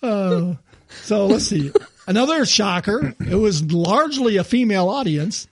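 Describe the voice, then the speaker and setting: An older man chats casually on a podcast, laughing often and pausing to clear his throat. His voice sits high for a man. The sound is dry and close, with no room around it. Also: expressive, no echo. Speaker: podcast co-host. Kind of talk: casual chat.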